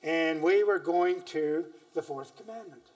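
Male preacher, slightly high voice, earnest and emphatic, picked up from off-mic in a church. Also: a little slow, distant mic. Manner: earnest, emphatic scripture reading with frequent hesitations. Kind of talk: sermon.

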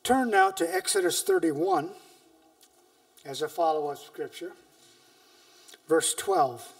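Male preacher, slightly high voice, earnest and emphatic, picked up from off-mic in a church. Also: wildly swooping pitch, slow, creaky, distant mic. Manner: earnest, emphatic scripture reading with frequent hesitations. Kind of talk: sermon.

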